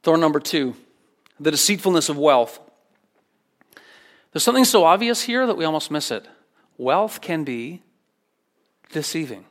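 A male pastor delivering a sermon in an earnest, emphatic way. His voice sits a little higher than most men's, and he leans on repeated phrases to drive each point home. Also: sing-song, normal speed, long pauses.

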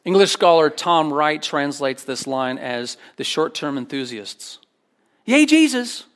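A man's voice: fairly high pitch, a little slow, fairly bright tone. A man preaching a sermon as a pastor, earnest and emphatic, often repeating phrases for weight.

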